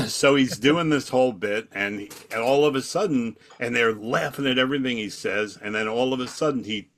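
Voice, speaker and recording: A comedy magician chatting casually, telling a backstage story and acting out the dialogue. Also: male voice, mid-range voice. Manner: quick, lively storytelling that acts out dialogue. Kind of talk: casual chat, telling stories.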